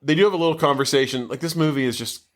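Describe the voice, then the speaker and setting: A man's voice: fairly high pitch, racing. Rambling podcast man recapping a movie. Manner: rambling, loose recap with many fillers. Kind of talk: casual chat. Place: basement.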